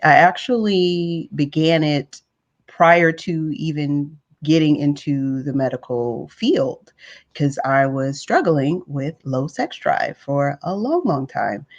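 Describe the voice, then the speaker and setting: A woman's voice: sits low, slow pace, dull audio. A woman doctor and coach, a guest on a casual podcast, telling her story in a candid, open way.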